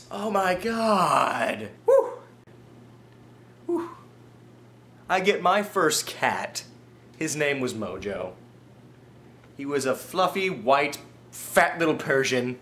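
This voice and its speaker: Male vlogger, comic storyteller; slightly high voice, very lively and exaggerated delivery. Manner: animated and exaggerated, swings from low mumbles to excited high bursts.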